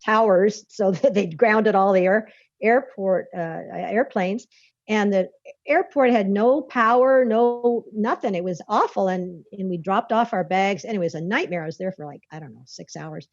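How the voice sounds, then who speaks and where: A woman's voice: mid-range voice, normal speed, dry recording. Folksy woman telling a long story. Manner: folksy, rambling, laughs often while telling. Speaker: guest author. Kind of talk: conversational storytelling. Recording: dull lo-fi dry recording.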